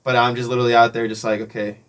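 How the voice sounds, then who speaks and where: A man being interviewed, telling a casual story, animated and acting out the voices of people he met, often laughing. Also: mid-range voice, very fast, slight background noise. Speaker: interview guest, drummer.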